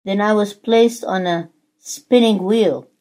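A woman's voice: medium pitch, slow pace, mellow, voice pushed up, natural voice. A woman voicing a suffering clay teacup that pleads and cries out as it is shaped, in a sermon story. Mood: anguished. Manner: pleading, crying out.

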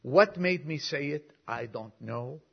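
A man's voice: on the high side, expressive, slow, gravelly, husky. An older man preaching a sermon and reading a long story aloud, with folksy asides to the congregation. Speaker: pastor. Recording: dull lo-fi recording.

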